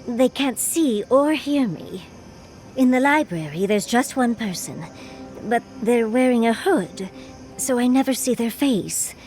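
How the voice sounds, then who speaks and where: A woman's voice: on the high side, animated, measured pace, darkish tone, soft background music. An actress voicing a furred female adventurer companion in a video game, with a wry, teasing manner that tosses out darling and dear. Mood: wistful. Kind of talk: video game character dialogue.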